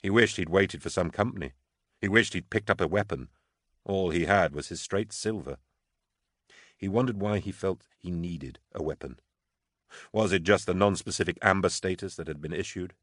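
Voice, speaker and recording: A man reading a tense military novel aloud in a measured, low-key audiobook narration. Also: fairly bright tone, no echo, studio quality.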